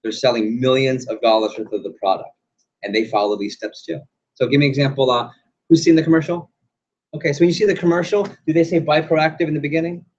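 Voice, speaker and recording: A man's voice: mid-range voice, fast talker, darkish tone, husky, highs cut off. A man running an interactive sales training session, quizzing the room and acting out examples. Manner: quizzes audience, acts out examples.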